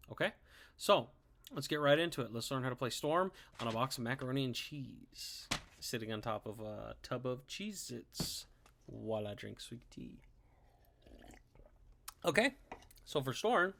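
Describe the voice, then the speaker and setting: A man in a mid-range voice teaching drum rhythms to students from home. He talks in an upbeat, chatty way, counts beats out loud and keeps checking in with "okay?". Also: medium pitch. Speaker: music teacher. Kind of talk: online drum lesson. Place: home, recording to camera.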